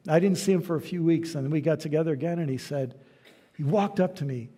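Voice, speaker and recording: A man speaking as a guest lecturer, answering questions and telling stories in a relaxed, conversational way in a church hall. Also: on the high side, fast talker. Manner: conversational storytelling, soft trailing endings. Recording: hall reverb.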